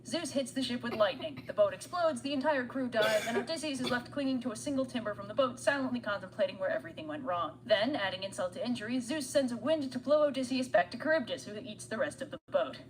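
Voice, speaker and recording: A woman's voice: on the high side, animated, fast talker, hardly any pauses, slight background noise, rough recording. A young woman narrating a comedic summary of an old epic in a snarky, conversational way. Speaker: animator narrator.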